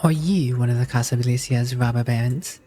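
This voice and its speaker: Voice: medium pitch, brisk, over music. A streamer with a US Southern accent, chatting casually and reading game dialogue aloud, easygoing and chuckling between remarks.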